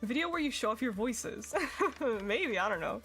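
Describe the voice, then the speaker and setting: Giggly streamer woman, lively pitch. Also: normal speed, soft background music. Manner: giggly, chatty, reads chat aloud. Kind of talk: casual gaming stream chat.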